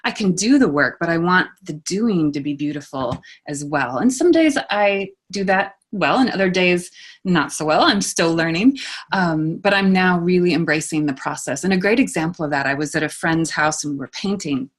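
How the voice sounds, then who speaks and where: Woman, author guest, low voice, animated, laughs a lot, chatty storytelling. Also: normal speed. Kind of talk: conversational interview answers.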